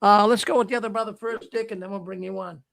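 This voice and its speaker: Gravelly high-voiced older host. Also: male voice, steady tone, fast talker, a bit bright, dry recording. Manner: folksy, rambling announcements. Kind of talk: casual livestream chat.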